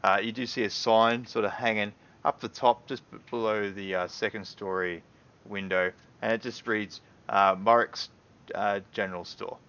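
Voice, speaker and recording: A man's voice: on the low side, little pitch movement, moderate pace, a bit bright, clean tone, lo-fi sound. A man narrating as game master in a loose, casual way, full of fillers and hedging words.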